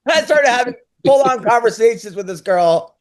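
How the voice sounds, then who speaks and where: A middle-aged man co-hosting a loose comedy podcast, his voice sitting high for a man. He rambles, stumbles over his words and restarts as he tells his stories. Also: lively intonation, moderate pace. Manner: rambling storyteller with many restarts. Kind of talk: casual podcast banter.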